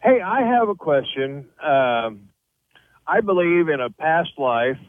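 A man's voice: a little high, very animated, slow, no room sound. A man from Kansas calling in to a radio show, hesitant and a bit wry. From Wichita, Kansas. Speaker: caller. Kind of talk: call-in radio question. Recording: tinny phone line.

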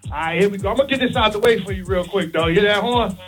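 A man's voice: high-pitched, very fast, faint music behind. A man calling in to a radio show, a truck driver who chats and sings his song down the line. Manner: sings a country-style song over the phone. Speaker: caller, truck driver and singer. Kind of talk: radio call-in chat with singing.

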